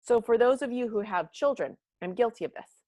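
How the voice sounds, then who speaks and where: A middle-aged woman leading a leadership workshop over a video call, animated and often acting out the voices she quotes. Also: fairly high pitch, fairly quick, no room sound.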